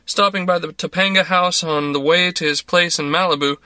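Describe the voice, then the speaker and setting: A man reading a story aloud as narrator in a measured, even way. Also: on the high side, dry recording.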